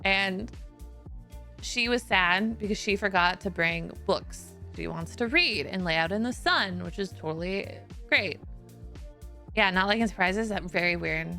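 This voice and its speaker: A young woman streamer casually telling a story to her chat, giggly and animated, swearing freely. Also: mid-range voice, measured pace, soft background music.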